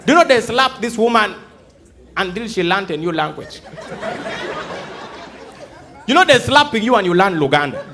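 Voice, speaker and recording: A man's voice: high-pitched, normal speed, pauses often, a crowd in the background. A Ugandan man doing live stand-up comedy on a theatre stage, telling stories and acting out other people's voices. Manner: animated storytelling, acting out voices and shouts. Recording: live stage recording with audience laughter and noise. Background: audience laughter.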